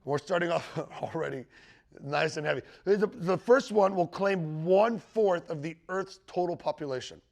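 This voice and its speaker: A man's creaky, slightly mellow voice sits on the high side and moves at a moderate pace. Before a live audience in a teaching room, he conversationally teaches about the biblical end times, checks in with listeners, and lifts his emphasis as he quotes scripture.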